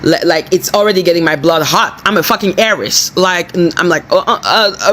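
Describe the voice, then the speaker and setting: A woman's voice: fairly low pitch, expressive, brisk, few pauses, a bit bright, slight background noise. A woman hosting a live stream, angrily scolding her chat moderators with lots of swearing. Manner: angry, profane, scolding. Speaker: livestream host.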